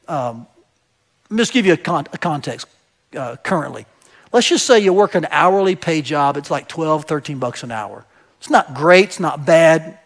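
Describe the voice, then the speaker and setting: A man preaching a sermon as pastor, speaking conversationally to his church and often checking in with the congregation. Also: sits high. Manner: conversational, asks the congregation "right?"; explains with everyday examples and some hesitations.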